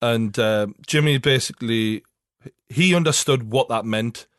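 A man's voice: medium pitch, measured pace, no echo, studio quality. A young man with a Geordie accent, hosting a podcast and telling rambling anecdotes in casual chat, swearing constantly. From North East England. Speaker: podcast host.

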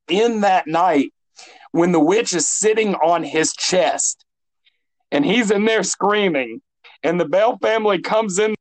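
High-voiced man telling a story. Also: takes it slowly, poor audio. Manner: animated, filler-heavy storytelling. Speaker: podcast co-host. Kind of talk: casual chat.

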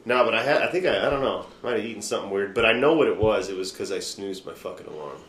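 A man's voice: fairly low pitch, fast talker, fairly bright tone. A man hosting a podcast, telling a rambling, profane story in loose casual chat. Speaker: podcast host. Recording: roomy room with faint noise.

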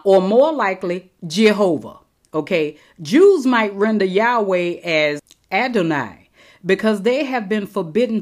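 A woman teaching scripture with a lively, swinging pitch. She slows down and leans on each quoted verse, speaking like a preacher. Her voice sits in a middle register for a woman. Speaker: bible teacher. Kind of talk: sermon-style bible teaching. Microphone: recorded teaching episode.

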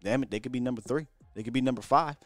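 A man hosting a casual live sports stream, talking in an animated way with repeats and slang from a hotel room. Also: medium pitch, rapid-fire, no echo, faint music behind. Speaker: sports show host.

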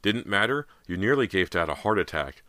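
Storybook teen girl, anxious and stubborn, shrill when pushed; a man puts her on. Bright, dry read. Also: animated, fairly quick, no room sound. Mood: angry.

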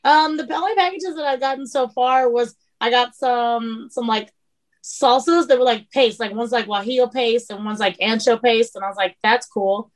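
A woman chef chatting on a podcast, animated, acting out the people in her stories. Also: on the high side, normal speed. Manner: animated storyteller, acts out quotes. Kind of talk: casual chat.

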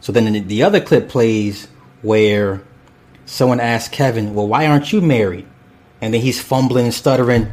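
A man's voice: medium pitch, moderate pace, a little mellow. A man hosting a casual commentary stream, reading chat and speaking bluntly and profanely, rambling with restarts.

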